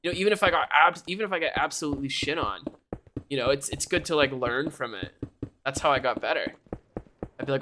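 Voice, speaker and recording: A man's voice: fairly high pitch, quick pace, noisy background. A young man streaming live, chatting casually and ranting animatedly, often breaking into laughter. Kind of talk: casual chat.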